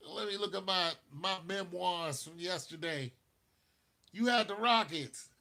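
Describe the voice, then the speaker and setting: This is a man hosting casual basketball talk, and his voice is bright and sharp on top. He takes his time, stretching his words at a slow pace. He laughs often and speaks straight to the people watching. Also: high-pitched, vocal fry. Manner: animated, laughs often, talks to chat viewers. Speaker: basketball talk show host. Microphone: streaming mic.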